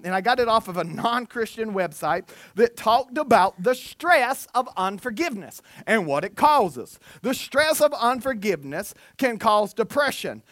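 A man, preaching a sermon as pastor, lively and self-mocking. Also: extremely high pitch, no room sound, clean studio sound. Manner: animated, self-mocking, with put-on quotes of listeners. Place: church.

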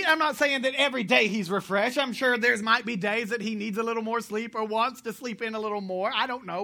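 A pastor from the United States preaching a sermon, animated, joking with the congregation and correcting himself as he goes. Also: extremely high pitch.

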